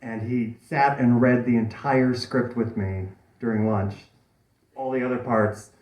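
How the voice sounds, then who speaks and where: A man from Indiana, an author and actor, chatting at a bookstore event, animated and playful, laughing often. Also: medium pitch, unhurried. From Kokomo, Indiana, USA. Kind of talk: casual chat at a live bookstore event. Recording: echoey room at a live event.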